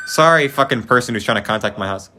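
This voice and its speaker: A teenage boy hosting a casual podcast, excitable and swearing, full of fillers. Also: mid-range voice, quick pace. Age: teens. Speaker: podcast host. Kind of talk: casual chat.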